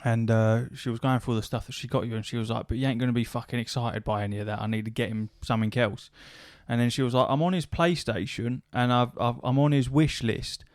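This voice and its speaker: A podcast host spins a casual anecdote, cursing freely as he acts out both sides of a conversation. His voice sits at an ordinary middle pitch for a man. The sound is dry and close, with no room around it. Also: fairly even intonation, fast talker, few pauses, no echo. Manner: swears freely, relays a story with quoted back-and-forth dialogue. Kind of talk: casual storytelling chat.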